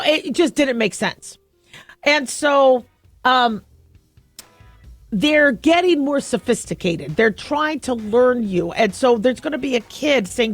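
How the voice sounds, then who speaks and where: Lively woman radio host telling a story. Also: fairly high pitch, unhurried, faint music behind. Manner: animated storytelling, acts out both sides of a phone call. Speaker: radio talk show host. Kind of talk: casual talk radio monologue. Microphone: studio microphone.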